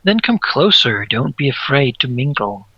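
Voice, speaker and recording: Man playing a soft-spoken courtly vampire prince. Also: medium pitch, big pitch swings, normal speed, husky, no echo, dull audio. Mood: amused, courtly. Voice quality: very soft voice, noble manner, old-fashioned way of speaking.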